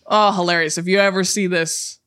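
Animated, swearing storyteller woman. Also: fairly low pitch, a little fast. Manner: animated storyteller, swears freely, acts out voices and yelps. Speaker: podcast co-host. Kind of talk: casual chat.

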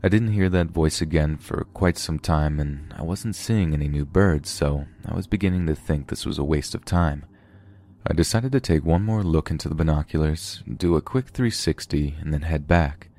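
A man calmly narrating true scary stories as a podcast host. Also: a bass voice, moderate pace. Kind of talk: scripted horror story narration.

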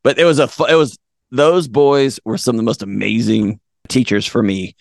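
A man's voice: medium pitch, steady tone, moderate pace, vocal fry, no echo. A middle-aged man telling a story on a podcast, acting out voices and laughing at himself. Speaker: podcast guest. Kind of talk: animated storytelling in conversation.

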